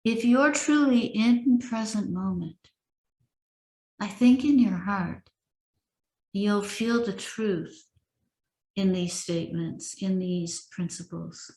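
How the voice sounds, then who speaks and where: Woman meditation teacher, unhurried reading with spaces between lines, roomy echo. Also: medium pitch, a little mellow. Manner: slow, measured recitation with long pauses. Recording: echoey room.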